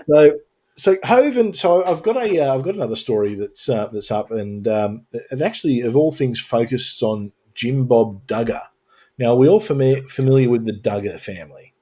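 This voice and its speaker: The voice is a man of ordinary pitch, chatting loosely as he hosts a live stream. He jokes and leans on sarcasm, slipping into mock-serious bits. His sound comes from a home mic on a video call. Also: lively intonation, moderate pace, a little mellow. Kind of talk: casual panel chat on a live stream.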